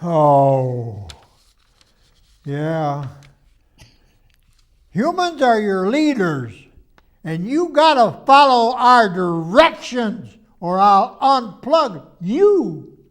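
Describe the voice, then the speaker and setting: A man in a comedy sketch sounds exasperated and blustery. He speaks slowly, with a pitch that swings widely. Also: sing-song. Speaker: comedy show host.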